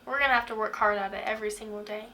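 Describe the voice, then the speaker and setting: A woman's voice: mid-range voice, fairly even intonation, rapid-fire, pushed and bright, slight background noise. A woman hosting a faith talk, speaking earnestly and asking the listener many questions. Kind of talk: devotional talk to camera.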